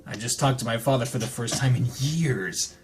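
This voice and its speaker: A man voicing a tired young man who jokes and teases, speaking low and subdued. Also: moderate pace, background noise, close to an everyday voice. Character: tired joking young man, teasing but lonely.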